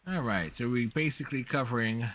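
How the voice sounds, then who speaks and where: A man's voice: mid-range voice, a little fast, fairly bright tone. A man streaming a game, giving laid-back, chatty commentary as he plays. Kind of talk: casual gameplay commentary.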